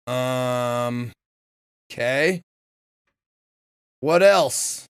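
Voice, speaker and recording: A man playing through a game and chatting casually, reading lines aloud, swearing often and yelling when annoyed. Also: medium pitch, very slow, clean tone, no room sound, studio quality. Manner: animated, swears often, yells in frustration. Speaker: let's play streamer.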